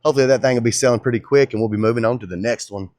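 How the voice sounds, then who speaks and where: A young man chatting casually in his shop vlog, laid-back and excited, tossing in "dude" and "man". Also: medium pitch, racing, no echo, studio quality. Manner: laid-back and enthusiastic, drawling, calls viewers dude and man. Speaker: custom truck builder and vlogger.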